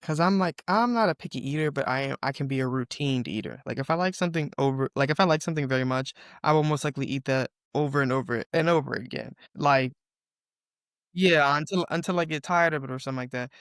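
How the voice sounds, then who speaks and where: A woman's voice: very deep voice, quick pace, dry recording, clean studio sound. Chatty, profane Southern woman co-host. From Southern United States. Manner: self-described yapper, animated and profane storytelling. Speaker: podcast co-host. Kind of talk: casual chat.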